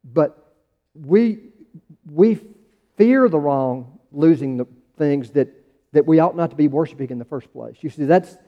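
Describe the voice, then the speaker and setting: A man's voice: a little high, unhurried. A man with an American accent preaching a conversational sermon as pastor, restarting phrases and pressing his questions harder. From United States. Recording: dull sound in a large reverberant hall.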